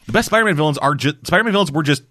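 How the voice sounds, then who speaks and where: Man, lively pitch, bright tense voice, profane, exasperated chat. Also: racing. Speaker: podcast co-host. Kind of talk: casual chat.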